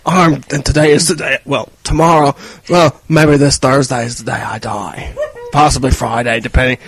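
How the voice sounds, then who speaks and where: A man voicing a gruff action-movie tough guy with a low, drawling, deadpan delivery. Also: moderate pace, close to an everyday voice. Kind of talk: comic impression on a podcast.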